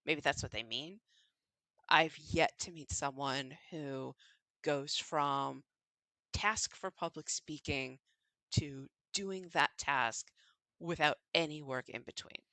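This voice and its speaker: A woman literature professor co-hosting a podcast, speaking in a measured, articulate, matter-of-fact way. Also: low-pitched, pushed and bright, dry recording, poor audio. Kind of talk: conversational podcast chat.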